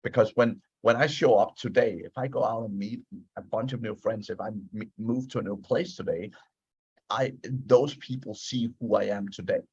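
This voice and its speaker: A man's voice: lowish voice, normal speed, darkish tone, husky, no echo, dull audio. A man, a management consultant, explaining his ideas in a casual interview, earnest and often repeating words as he starts a thought.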